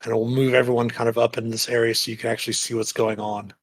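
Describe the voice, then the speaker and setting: A man narrating as game master in a tabletop game, describing scenes in a halting way with frequent pauses to search for words. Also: mid-range voice, level tone. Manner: halting, many fillers and restarts while describing the scene.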